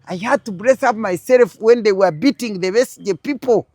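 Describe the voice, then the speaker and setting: A woman's voice: medium pitch, moderate pace, dark tone, dry recording. An older woman with a Ugandan accent, telling a political story as an interview guest with strong, emphatic feeling.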